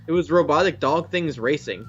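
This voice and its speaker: A man's voice: a little high, moderate pace, a crowd in the background. A young man chatting casually while his friend plays a video game, rambling with restarts and self-corrections. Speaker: co-host of a gameplay channel. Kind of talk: casual chat. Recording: slightly dull lo-fi mic with game music. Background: faint game music.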